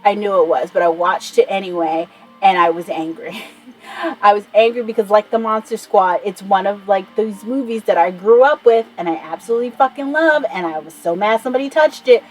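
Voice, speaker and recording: A woman's voice: mid-range voice, fairly quick, rough recording. Woman vlogger, 30s, mid-range voice, chatty, gushing, profane, faint music underneath. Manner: rambling, enthusiastic, swears freely. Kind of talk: casual chat.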